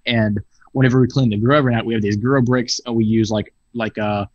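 A man's voice: medium pitch, quick pace, dry recording. Man cursing through a workplace story. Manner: profane, animated anecdote telling. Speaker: podcast guest. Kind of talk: casual storytelling chat. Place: video call from home. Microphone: video call. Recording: dull lo-fi video call audio.

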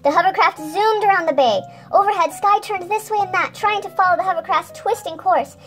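A woman hosting a toy channel, reading a children's storybook aloud in a bright, sing-song manner. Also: extremely high pitch, fast, few pauses, soft background music.

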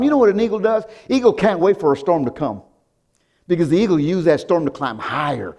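A man's voice: high voice, expressive, brisk, darkish tone. A pastor preaching a sermon to his congregation, emphatic, with frequent restarts, chuckles and calls of "come on, church". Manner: emphatic preaching with repeated call-outs to the congregation.

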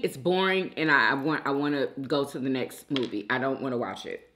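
A young adult mukbang host chats casually while she eats, referring to her viewers as "y'all." She has a bass voice with a bit of brightness and speaks a little fast.

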